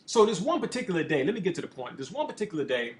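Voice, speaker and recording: A man who is a motivational speaker, telling a personal story in a casual, profane, animated way. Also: a little high, racing. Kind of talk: storytelling monologue.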